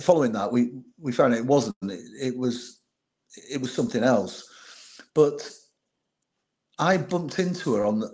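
A middle-aged man with a mid-range, slightly mellow voice, once a bodyguard, tells stories during an interview. He acts out old conversations and keeps restarting his sentences as he shares anecdotes.

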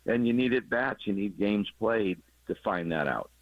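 Deep-voiced man breaking down baseball plays. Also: lively intonation, moderate pace, no echo. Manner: explanatory, chuckling at his own jokes. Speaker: former third base coach, radio guest analyst. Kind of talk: casual sports radio chat. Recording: dull lo-fi broadcast audio.

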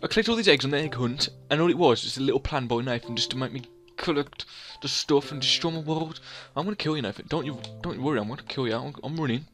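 A man doing excitable game commentary, humming sound effects and theme music as he plays. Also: mid-range voice, quick pace, hardly any pauses. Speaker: let's play gamer.

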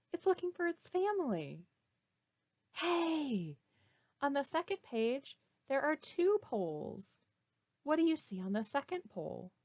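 Woman librarian, storytime reader, unhurried and expressive, quizzes the kids, dull dry recording. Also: high-pitched, no echo. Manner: animated, asks children questions. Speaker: children's librarian. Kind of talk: reading a picture book aloud. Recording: dull, slightly muffled recording.

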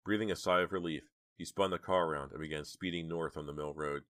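A man narrating an audiobook with measured, dramatic storytelling. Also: a bass voice, steady tone, fairly bright tone, no echo, clean studio sound. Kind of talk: audiobook reading.

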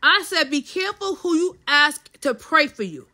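A woman's voice: sits high, lively intonation, normal speed, sharp tone, poor audio. A middle-aged woman co-hosting a casual faith podcast, talking emphatically and repeating her points like a preacher. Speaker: podcast co-host.

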